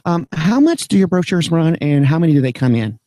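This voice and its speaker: A man's voice: fairly high pitch, sing-song, a little fast, dark tone, no echo. A man playing a flamboyant florist who fusses about his weight, gushing and theatrical. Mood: chatty. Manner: gushing, theatrical, breaks into emotional wails. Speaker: prank caller. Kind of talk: prank phone call.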